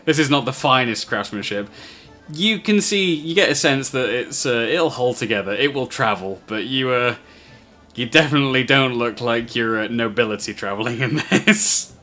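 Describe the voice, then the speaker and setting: Male game master, bright voice, easygoing narration, faint music underneath. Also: mid-range voice, normal speed. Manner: narrates with frequent fillers and chuckles.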